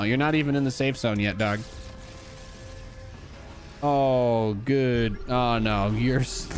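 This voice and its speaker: A young man giving casual, joking commentary on an esports replay as a streamer. He swings between hype and dry asides. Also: mid-range voice. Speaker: streamer and caster.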